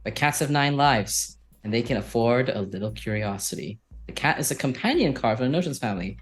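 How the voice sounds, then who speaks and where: A man acting as game master narrates a tabletop game, taking his time and thinking aloud with lots of fillers. His voice is medium-pitched and expressive.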